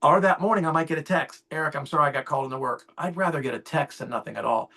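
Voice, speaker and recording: A man's voice: fairly high pitch, very fast, sharp tone. A man in his fifties, an insurance sales agent, talking on a call. He gets fired up and acts out both sides of his client calls. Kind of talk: casual call talk. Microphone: call audio.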